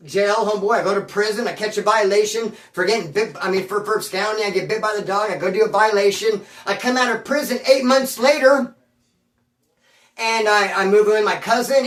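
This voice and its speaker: Slangy streetwise man, distant and roomy. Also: sits high. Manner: slangy, streetwise, keeps calling the listener homeboy; rambling and animated, with sound effects. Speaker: storyteller recounting his past. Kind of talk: casual spoken storytelling.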